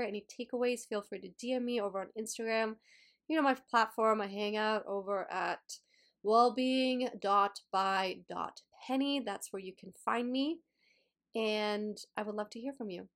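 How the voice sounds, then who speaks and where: A young woman with a slightly nasal voice hosts her own podcast in a relaxed way. She repeats her phrases and speaks straight to her listeners with encouraging questions. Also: a little high. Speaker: podcast host and yoga teacher. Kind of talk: casual solo podcast talk.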